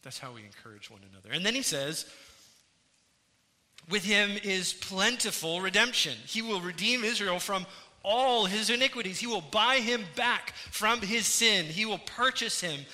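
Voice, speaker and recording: Pastor, male, earnest sermon delivery, sharp bright tone, reverberant hall sound. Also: high voice, animated, moderate pace. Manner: earnest preaching, rising and falling in intensity. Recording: church hall with long reverb.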